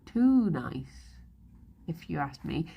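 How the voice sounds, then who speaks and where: A woman's voice: deep voice, big pitch swings, slow pace, vocal fry, slightly rough, dull audio. A young woman streaming live, chatting casually and rambling, laughing often as she goes. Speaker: livestreamer. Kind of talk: casual chat.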